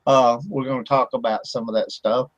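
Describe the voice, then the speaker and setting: A man's voice: medium pitch, flat delivery, moderate pace, no room sound, lo-fi sound. Laughing man hosting radio. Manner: rambling, laughing storyteller with many fillers. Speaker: radio show host. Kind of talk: casual chat. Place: home studio for internet radio.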